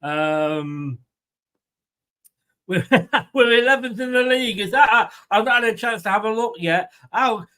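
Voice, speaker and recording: A man's voice: sits high, lively intonation, measured pace, bright, forceful tone, smooth. A man with a light, rambling, chatty manner, hosting a live football watchalong and reading out viewer comments. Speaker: host of a fan watchalong.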